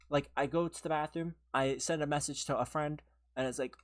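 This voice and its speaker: Low-voiced woman venting on a livestream. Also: normal speed. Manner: venting, exasperated, heavy use of "like". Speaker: livestream gamer. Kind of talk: casual livestream chat.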